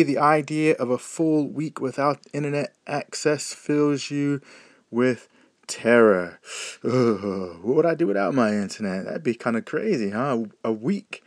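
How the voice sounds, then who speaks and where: A man from the United States whose American accent has partly softened after years in Britain, talking casually in an audio diary with lots of ums and uhs. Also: mid-range voice, dry recording, clean studio sound. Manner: rambling, many ums and uhs and self-corrections. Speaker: audio blogger.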